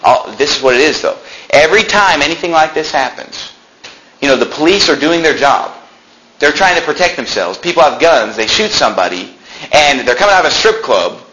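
A man pastor preaching a sermon in a church, talking conversationally and breaking into animated outbursts. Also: on the high side, a little fast, low-quality recording. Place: church sanctuary.

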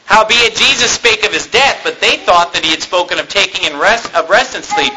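A man's voice: high voice, fairly quick, pushed and bright, rough recording. A man preaching a sermon, reading scripture and retelling it in plain, conversational terms with frequent rhetorical questions.

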